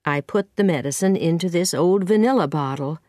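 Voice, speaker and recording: A woman's voice: fairly low pitch, a little fast, darkish tone, no echo, clean studio sound, close to an everyday voice. A woman narrator voicing a stern, practical older woman in a plain, firm way.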